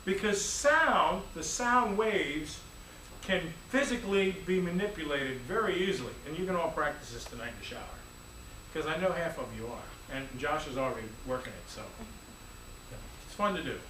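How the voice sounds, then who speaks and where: A man, a music teacher, giving a lively, playful classroom lecture full of demonstrations. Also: a little high, normal speed, background noise. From United States. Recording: echoey room, distant mic, faint ambience.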